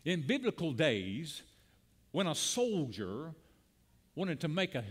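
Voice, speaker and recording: A man preaching a sermon from a church pulpit, his voice sitting a touch high for a man. He leads the congregation in call-and-response and climbs into emphatic, quickening peaks before dropping low and soft for tender moments. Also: wildly swooping pitch, husky. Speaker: pastor. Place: church sanctuary.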